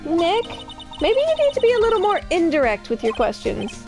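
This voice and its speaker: Chirpy young game sidekick voiced by a woman, high lively voice, faint music. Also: moderate pace, heavily acted. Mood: worried. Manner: chirpy, teasing. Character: perky young female sidekick.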